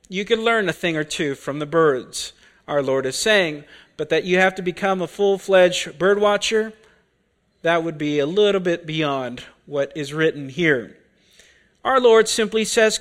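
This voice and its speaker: A man preaching an expository sermon, deliberate and full of rhetorical questions. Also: high voice, fairly bright tone.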